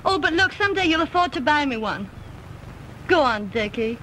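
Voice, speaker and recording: A woman's voice: high-pitched, very animated, moderate pace, a bit bright, low-quality recording. An actress playing a spoiled, persistent rich young woman in a 1930s film, coaxing and pleading. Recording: old film soundtrack with faint hiss.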